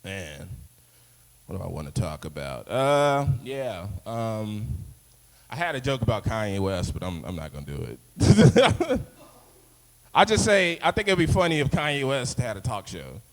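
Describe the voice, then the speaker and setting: A man's voice: mid-range voice, very animated, unhurried. Rambling young man doing stand-up in an echoey room. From South Side of Chicago. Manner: loose, rambling delivery with frequent fillers and laughing at own jokes. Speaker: stand-up comic. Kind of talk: stand-up comedy set. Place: open-mic stage in an arts space.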